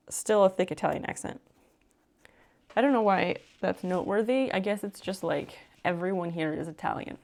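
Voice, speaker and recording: A chatty woman streamer telling a story in a relaxed live chat. Her voice sits fairly low and carries a gravelly fry. She talks with plenty of fillers and swears now and then. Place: home room while sewing on a live stream.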